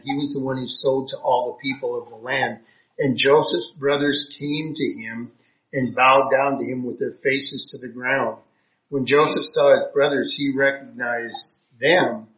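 A man's voice: mid-range voice, fairly bright tone. A man teaching a Bible class, reading verses aloud and explaining them with frequent hesitations. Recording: roomy, dull lo-fi classroom recording.

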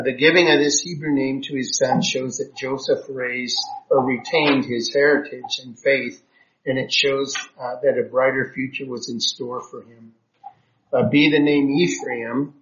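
A man's voice: mid-range voice, steady tone, a little slow, fairly bright tone. A man teaching a Bible class, reading verses aloud and explaining them with frequent hesitations. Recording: roomy, dull lo-fi classroom recording.

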